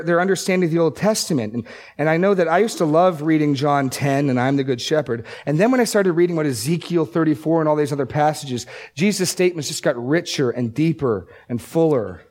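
A male preacher giving a sermon, reading scripture aloud with slow emphasis and explaining it in a conversational way, often repeating words as he restarts. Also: fairly high pitch, a little mellow.

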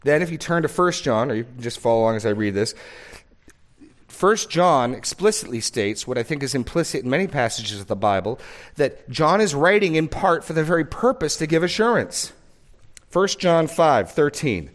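A male pastor delivers a sermon at an average pitch, speaking emphatically as he works through verses. He leans hard on key words and repeats them for weight. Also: lively intonation, normal speed. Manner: emphatic, stresses words while reading scripture aloud.

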